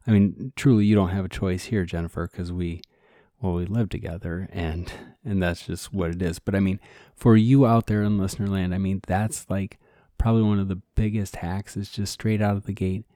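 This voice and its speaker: A man's voice: low voice, steady tone, moderate pace, warm tone, no room sound, studio quality. A man co-hosting a casual podcast, chatty and earnest, talking straight to his listeners. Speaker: podcast co-host.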